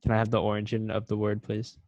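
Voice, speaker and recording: A teenage man banters on a casual sports podcast recorded over a video call. His voice is low and flat, with little rise and fall. He jokes and talks cocky. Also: fast, dry recording, dull audio. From United States. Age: teens. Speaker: quiz contestant, podcast co-host.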